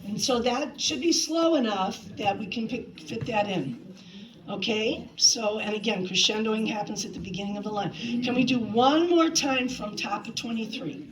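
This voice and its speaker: A woman's voice: fairly high pitch, normal speed, a crowd in the background, poor audio. A woman directing a community choir rehearsal in a chatty way, counting beats and singing phrases to show them. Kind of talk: rehearsal instruction. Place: rehearsal hall with choir present.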